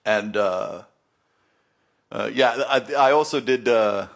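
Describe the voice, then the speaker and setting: Male stream host, mid-pitched, laid-back rambler with heavy profanity. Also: slow pace. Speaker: music producer hosting a live stream. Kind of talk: casual live-stream storytelling. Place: Los Angeles.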